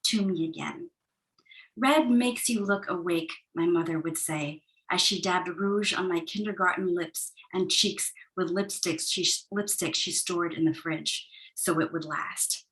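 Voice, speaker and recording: A woman from the United States reading her poems on a video call, soft and measured. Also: lowish voice, rough recording. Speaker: poet. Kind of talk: poetry reading.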